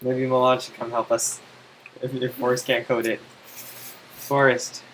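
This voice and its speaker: A man's voice: medium pitch, flat delivery, measured pace, a bit bright, slight background noise, rough recording. Impatient, teasing male coding tutor. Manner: impatient, teasing, exasperated explaining. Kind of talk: casual screen-side coding help.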